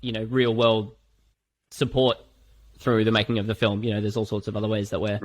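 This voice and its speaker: An Australian man hosting a casual podcast chat, rambling and animated with lots of fillers and swearing. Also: fairly low pitch, fairly quick. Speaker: filmmaker and podcast host.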